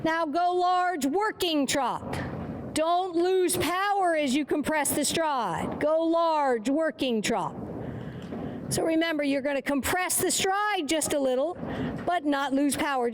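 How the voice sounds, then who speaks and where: A woman's voice: high voice, measured pace, background noise. A woman riding instructor giving short, encouraging, repeated commands during a driving lesson.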